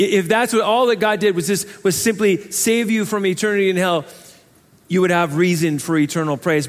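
A man preaching a sermon as pastor, talking in a conversational, animated way and acting out little voices. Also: high voice, in a large hall. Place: church sanctuary.

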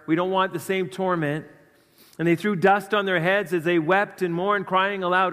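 Guy preaching a sermon, kinda high voice, earnest, loud then quiet, long echoey church hall sound. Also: steady tone, moderate pace. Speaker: pastor.

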